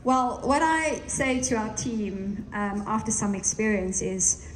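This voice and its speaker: A woman co-presenting on network marketing, giving advice to her team in a calm, slightly hesitant way. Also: mid-range voice, slow, slight background noise, rough recording. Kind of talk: casual talk to a team.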